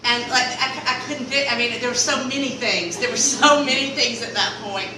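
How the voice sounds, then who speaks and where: A woman with a Mississippi Southern accent telling a comic story in a casual, animated drawl, with sudden loud exclamations when she quotes herself. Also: a little high, moderate pace. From Mississippi Delta. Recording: roomy, distant mic, clear background noise.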